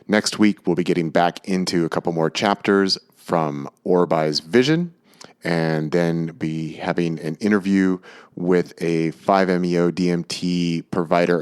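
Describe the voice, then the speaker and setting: A man in his forties from the United States, hosting a podcast in an easygoing, chatty way with frequent filler pauses. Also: low voice. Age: 40s. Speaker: podcast host. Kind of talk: casual podcast talk.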